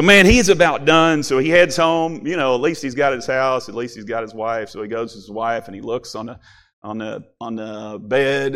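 A man's voice: mid-range voice, a bit bright. A man preaching a sermon, opening with long folksy jokes before turning earnest about discouragement. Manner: folksy, joking, then earnest and rising.

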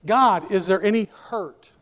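High-voiced male pastor preaching, talks right to folks in the pews, echoey church. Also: measured pace. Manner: animated preaching, addresses congregation members by name. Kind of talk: sermon.

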